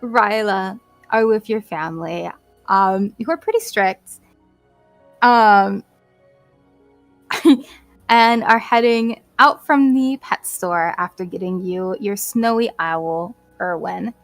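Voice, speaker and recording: A woman serves as game master for a tabletop campaign, narrating the scene in a slow, halting way full of fillers and small laughs. Her voice sits at a middle pitch, and faint music plays underneath. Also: no echo. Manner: unhurried, hesitant narration with many fillers and laughs.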